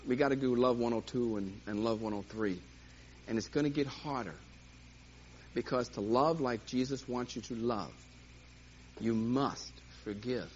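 Lively guy teaching a church class, acts stuff out, dull recording with faint hiss. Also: medium pitch. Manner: animated, jokey, acts out little scenes.

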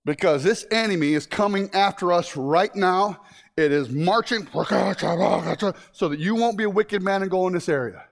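High-voiced man preaching with sudden shouts. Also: moderate pace, vocal fry. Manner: animated and joking, with sudden shouts and hushed asides. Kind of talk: sermon to a live congregation.

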